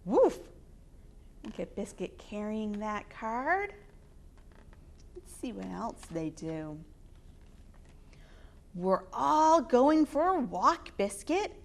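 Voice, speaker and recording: A woman hosting storytime, reading picture books aloud to children in an expressive, sing-song way. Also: a little high, slow, creaky, pauses often. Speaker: storytime reader.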